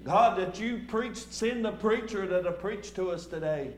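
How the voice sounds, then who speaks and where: A man's voice: high-pitched, unhurried, echoey room. A man preaching a sermon in a folksy way, often repeating words and stumbling over fillers as he goes. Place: church sanctuary.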